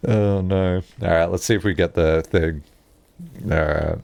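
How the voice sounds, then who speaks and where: A man's voice: low-pitched, steady tone, measured pace, vocal fry, darkish tone, no room sound. A young adult man streaming a video game, rambling through comedic tangents and laughing often. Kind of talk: casual live-stream commentary.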